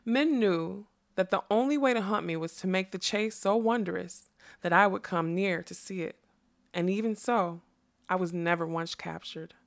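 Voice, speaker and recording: A woman's voice: moderate pace, vocal fry. A woman voicing a proud, ageless female unicorn in a storybook reading, haughty and rising sharply when offended. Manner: haughty, jumps high when indignant.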